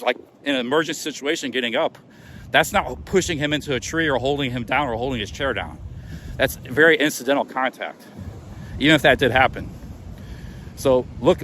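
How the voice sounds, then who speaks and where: A man's voice: medium pitch, fairly bright tone, a little hiss or hum. A man livestreaming outdoors on city streets, agitated and defensive, with stammering restarts. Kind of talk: live walk-and-talk stream.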